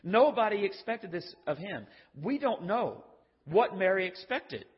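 A man's voice: high voice, very animated, unhurried, breathy edge. An older man preaching a sermon in a conversational, joking way, acting out the voices in the stories he tells. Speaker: pastor. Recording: dull lo-fi audio with long hall reverb.

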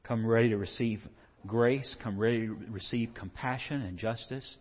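A man delivers a sermon, at times acting out quoted prayers loudly and at times dropping to a hushed, intimate tone. His voice carries a long reverb, as if recorded in a large hall, and the sound is somewhat dull. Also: medium pitch, steady tone, moderate pace. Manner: acts out quoted prayers loudly, then drops to a quiet, hushed tone. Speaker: pastor.

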